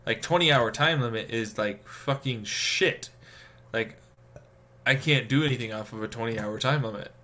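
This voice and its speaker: A man's voice: mid-range voice, moderate pace, sharp tone. A man live streaming, rambling in casual talk and venting with profanity and lots of fillers. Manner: profane, exasperated ranting with many fillers.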